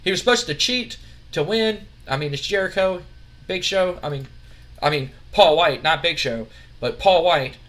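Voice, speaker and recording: Man, gaming host, casual rambling narration, bright tone, slightly high pitch. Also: moderate pace. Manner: rambling, with fillers. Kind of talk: casual narration of a game storyline.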